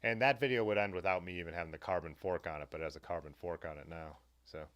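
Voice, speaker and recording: A man's voice: deep voice, fairly even intonation, fast, fairly bright tone, muffled recording. A man hosting a casual livestream, rambling along and reading viewer comments aloud. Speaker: livestream host. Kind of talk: casual live chat.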